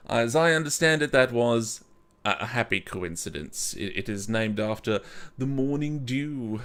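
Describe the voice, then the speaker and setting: A man's voice: medium pitch, lively intonation, measured pace, fairly bright tone. Rambling, self-mocking man reviewing whisky. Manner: many restarts and stumbles. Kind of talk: casual whisky review vlog.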